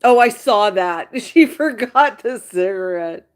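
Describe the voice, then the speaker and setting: A woman's voice: medium pitch, expressive, slow pace. A woman hosting a live stream, gossiping casually with her viewers. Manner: chatty, gossiping, exasperated asides. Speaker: livestream host chatting with viewers.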